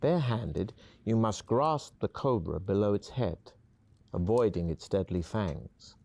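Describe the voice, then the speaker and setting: A man narrating a fantasy adventure game in the second person, calm and even. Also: lowish voice, measured pace, creaky.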